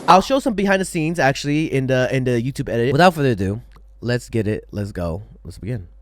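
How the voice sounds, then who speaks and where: A young man streaming live with a lively, bouncing voice that swings widely in pitch. He talks casually and excitedly, full of slang, as he reacts to a music video. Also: fairly quick, no echo.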